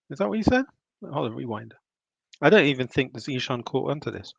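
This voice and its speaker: A man's voice: mid-range voice, sing-song, brisk, gravelly, husky, no echo. A man hosting a live stream, chatting casually and laughing as he reacts to a video while eating. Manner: chatty, laughs often, stops to rewind. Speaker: livestream host reacting to a video. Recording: dull lo-fi dry mic.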